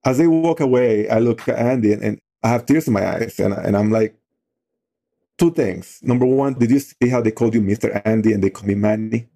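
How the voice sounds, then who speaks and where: A man's voice: on the low side, a little fast, dark tone. A middle-aged man leading a youth outdoor program, telling a story in a loose, conversational way with lots of "you know" fillers.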